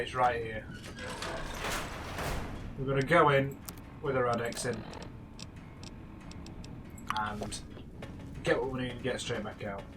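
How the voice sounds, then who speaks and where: A young man giving casual, chatty gameplay commentary, teasing and rambling with frequent restarts. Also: medium pitch. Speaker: let's play gamer.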